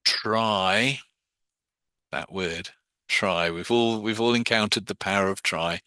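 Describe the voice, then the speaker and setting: Man with a sharp, lowish voice. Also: slow, clean tone, no echo. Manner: analytical, breaks down his own wording step by step. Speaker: hypnosis teacher. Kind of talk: explaining and demonstrating techniques to a class.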